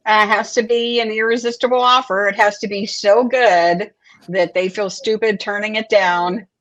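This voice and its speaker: A woman on a panel speaking quickly and emphatically. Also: mid-range voice, steady tone, a bit bright, lo-fi sound.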